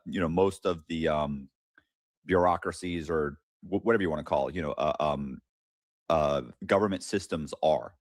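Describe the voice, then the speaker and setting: A man's voice: low-pitched, dry recording, clean studio sound. A man co-hosting a podcast, speaking casually and hesitantly with many fillers. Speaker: podcast co-host.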